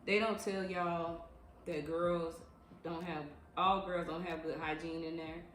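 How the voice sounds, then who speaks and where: A woman in her thirties, speaking a little low for a woman, tells a casual story in an emphatic, no-nonsense way. She leans on slang and repeats lines for weight. She is recorded in an echoey room with faint ambient sound behind her. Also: flat delivery, fairly bright tone, slight background noise. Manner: slangy, drawn-out repetitions. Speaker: vlogger recounting her years as a club dancer.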